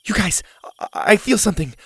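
A man voicing an excitable young girl in a storybook, shrill and breathless. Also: moderate pace, dry recording, clean studio sound. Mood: excited. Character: excitable young girl, hatching dinosaur eggs.

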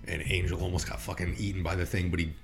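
A man's voice: low-pitched, fast talker, over music. A man casually chatting about a movie as a podcast co-host, swearing freely and retelling scenes with animation. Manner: profane, animated storytelling. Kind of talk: casual movie review chat.

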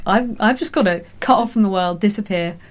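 A woman hosts a casual interview, talking quickly and laughing often, with an upbeat energy. Her pitch sits in the middle range for a woman. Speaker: host.

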